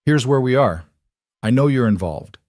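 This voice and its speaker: A man narrating an audiobook voices a weary female detective who questions in a measured, level way. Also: medium pitch, expressive, darkish tone, dry recording, clean studio sound, pitched above the performer's own voice, close to an everyday voice. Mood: weary, earnest.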